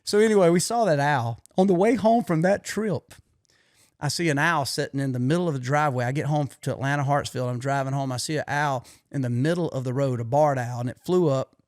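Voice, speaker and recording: A man's voice: medium pitch, brisk, no echo, studio quality. A middle-aged man hosting a podcast, telling stories in a folksy, colloquial way. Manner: folksy storytelling, drawled colloquial speech. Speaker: podcast host. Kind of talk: casual conversation.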